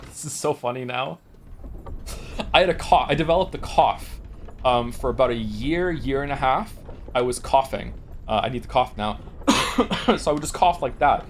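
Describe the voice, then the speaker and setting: A man in his forties from Wales chats to his stream audience in a loose, rambling way. He curses freely and restarts his sentences often. His voice sits at an ordinary pitch, with faint noise underneath. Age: 40s. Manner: rambling, profane storytelling with many restarts. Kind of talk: casual chat.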